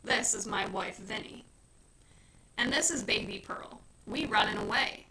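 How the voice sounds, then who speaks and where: Protective father figure in a storybook, firm then gentle, voiced by a woman reader. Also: mid-range voice, unhurried, a crowd in the background, natural voice, poor audio. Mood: earnest. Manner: forceful, then kind and hushed. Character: grown man hiding with his family, protective then gentle.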